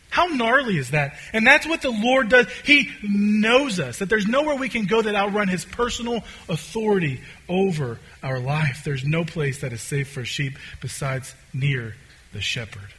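A man preaching a conversational sermon as a pastor, swinging between loud, excited stretches and quiet, hushed ones. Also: high-pitched, moderate pace, breathy edge.

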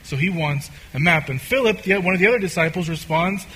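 A man's voice: high voice, brisk, sharp tone, low-quality recording. A man preaching a sermon in a casual, conversational way, with many fillers and restarts.

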